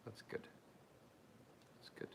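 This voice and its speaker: A man's voice: slow, fairly bright tone, in a whisper. A young man hosting a live Q&A stream, rambling informally with lots of fillers and asking viewers questions. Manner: talks straight to viewers, asking them questions. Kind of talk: casual livestream chat, answering viewer comments.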